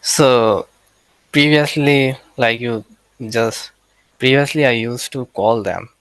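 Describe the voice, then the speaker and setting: A man with an Indian accent, a participant on a video call who speaks haltingly and repeats himself. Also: mid-range voice, a bit bright, no room sound, rough recording. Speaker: participant asking a question.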